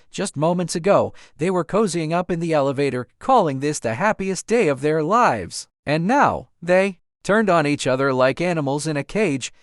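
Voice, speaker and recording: A man's voice: a little high, no room sound, studio quality. A man narrating a dramatic first-person story in a vivid, dramatic telling.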